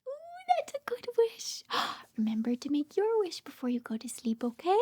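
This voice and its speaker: Very high, lively woman reading softly. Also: normal speed. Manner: gentle, soft, often dropping to a whisper; coaxing, asks the child many questions. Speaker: speech therapist reading aloud. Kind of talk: bedtime story read-aloud for young children.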